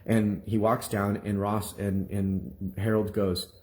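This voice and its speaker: Young minister, low voice, lively storyteller who acts out the people he quotes. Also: slow, few pauses. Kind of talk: testimony to viewers.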